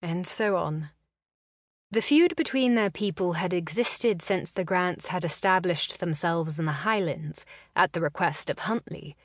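A woman narrating a historical novel in a slow, measured reading. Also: on the low side, no room sound, clean studio sound. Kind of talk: scripted narration.

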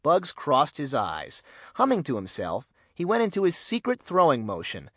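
A man narrating a children's mystery storybook in an expressive, animated reading. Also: fairly high pitch, normal speed, breathy edge, no room sound. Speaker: audiobook narrator.

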